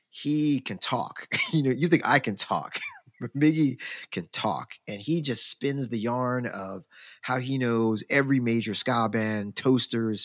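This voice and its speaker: A man, a podcast co-host, telling a long story in casual chat, rambling and animated with many fillers and restarts. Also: medium pitch, no room sound, studio quality.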